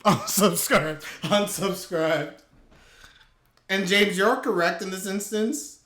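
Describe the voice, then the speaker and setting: A man's voice: sits high, moderate pace, bright, forceful tone. A young man doing live anime reaction commentary, reacting aloud in bursts with slang, laughter and teasing.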